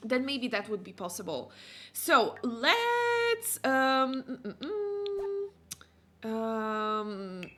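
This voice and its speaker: A woman's voice: high-pitched, very animated, drawn-out words, background noise. A woman host chatting casually and playfully while playing a life-sim game. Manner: chatty, playful, many fillers. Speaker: let's play host. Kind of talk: casual gameplay commentary.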